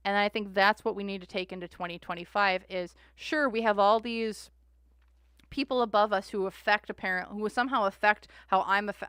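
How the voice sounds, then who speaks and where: A woman's voice: medium pitch, a bit bright, clean tone, dry recording, studio quality. A woman hosting a tarot livestream, chatting casually and rambling with frequent restarts.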